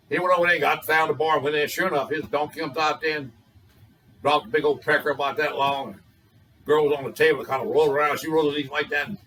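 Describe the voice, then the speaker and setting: A man's voice: a little high, pushed and bright, far from the mic, low-quality recording. An older man, telling raunchy jokes in a folksy, colorful storytelling drawl. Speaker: joke teller.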